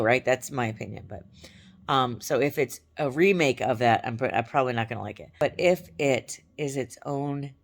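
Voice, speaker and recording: A woman vlogging to her camera from her couch at home, chatting in a rambling way, her voice crackly and hoarse. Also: a bass voice. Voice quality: gravelly. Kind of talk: casual chat to camera.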